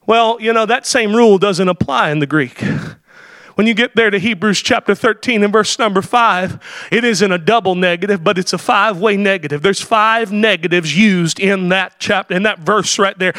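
A man delivers a fiery sermon in a high, ringing voice. He swings from shouted, drawn-out declarations to fast, conversational explanations. The sound is dry and close, with little room echo. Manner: preaching with shouted crescendos and hallelujahs; quick explanatory asides between climaxes. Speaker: preacher. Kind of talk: Pentecostal-style sermon.

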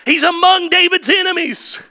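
A man preaching with a very high, bright, forceful voice. He climbs through repeated lines into full shouts, then sinks to a hushed tone and asks the congregation questions. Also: normal speed. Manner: builds to impassioned shouted climaxes, then drops to quiet; rhetorical questions and repeated refrains. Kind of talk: sermon.

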